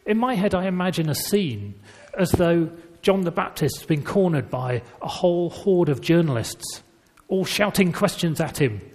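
Lively preacher in a reverberant hall. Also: male voice, fairly high pitch, moderate pace. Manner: conversational storytelling with lively emphasis. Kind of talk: sermon.

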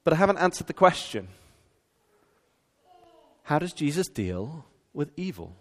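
A man preaching a sermon, animated and asking the congregation rhetorical questions. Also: fairly high pitch, measured pace, in a large hall. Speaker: pastor.

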